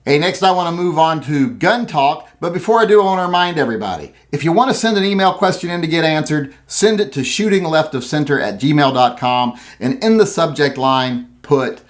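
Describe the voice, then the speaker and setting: Folksy man, slightly high voice. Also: brisk, hardly any pauses. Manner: folksy, rambling, animated mock voices. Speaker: host. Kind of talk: casual commentary monologue.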